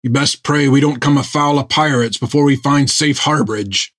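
A man voicing a gruff, stern one-legged old sailor who speaks in blunt rough seaman's dialect. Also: medium pitch, normal speed, fairly bright tone, pitched above the performer's own voice, close to an everyday voice.

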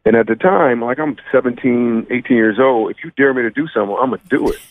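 A man in his thirties from Michigan, a comedian guest telling stories in a joking, animated way. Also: medium pitch, fast talker, noisy background. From Michigan, USA. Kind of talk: phone-in radio interview. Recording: tinny phone line.

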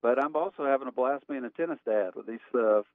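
A male pastor, a guest, telling stories in relaxed, plainspoken casual chat. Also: mid-range voice, fast talker, dry recording. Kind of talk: casual chat over a phone line. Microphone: phone. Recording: tinny phone line.

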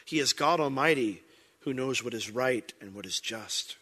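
A man's voice: medium pitch, normal speed, bright, forceful tone, slightly rough. A man preaching a sermon as pastor, conversational and emphatic.

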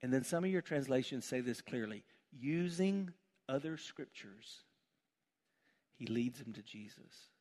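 A man's voice: mid-range voice, lively intonation, a little slow, a little mellow. A man preaching a sermon as pastor, building to emphatic calls and asking the congregation to repeat phrases.

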